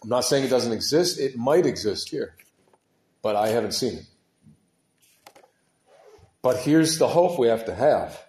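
A man preaching a sermon with passion, moving from hushed, heavy passages to loud, urgent ones, and dropping casual words like dude and man. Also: mid-range voice, animated, a little slow, long pauses, echoey room. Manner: impassioned, swings from hushed to shouting.

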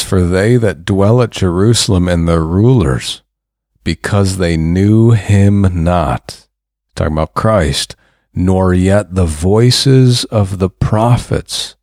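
A man's voice: low voice, a little mellow, dry recording, clean studio sound. A man preaching a sermon, fervent and building to emphatic bursts.

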